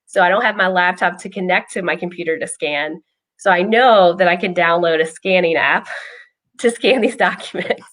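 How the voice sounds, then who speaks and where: A woman's voice: fairly low pitch, normal speed, fairly bright tone. A woman speaking as a behavioral health clinician, casually telling a personal story with frequent ums. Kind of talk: casual explanatory chat.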